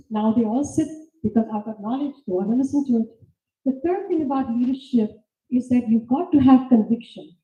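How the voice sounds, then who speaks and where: A woman's voice: sits high, warm tone. A woman giving an emphatic, self-assured talk on leadership in a large lecture hall. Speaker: conference speaker. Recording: roomy, distant, dull hall recording.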